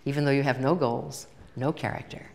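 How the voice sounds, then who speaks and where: Low-voiced older woman in a reverberant hall. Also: fairly even intonation, fairly quick, gravelly, a little mellow, slight background noise. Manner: chatty storytelling, acts out dialogue. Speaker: workshop speaker. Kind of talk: talk to a live audience. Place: large hall with audience.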